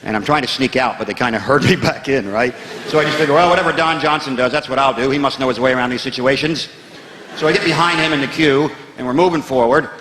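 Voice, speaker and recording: A man with an American accent telling a stand-up story in a wry way, dropping to low mutters for asides. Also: fast, fairly bright tone. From United States. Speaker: stand-up comedian. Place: large theatre stage before a live audience. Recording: echoey theatre hall, laughing crowd.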